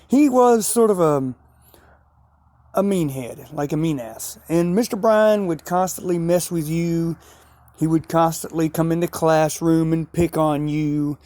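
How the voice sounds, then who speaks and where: A man's voice: fairly high pitch, darkish tone, dry recording. A man telling a rambling, repetitive story outdoors at night, with sudden emphatic rises. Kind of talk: casual storytelling vlog.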